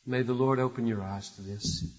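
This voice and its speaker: A man's voice: mid-range voice, fairly even intonation, normal speed. Older man preaching in a hall. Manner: impassioned preaching, swelling from hushed to loud and urgent. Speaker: pastor. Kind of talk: sermon. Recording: dull, echoey hall recording.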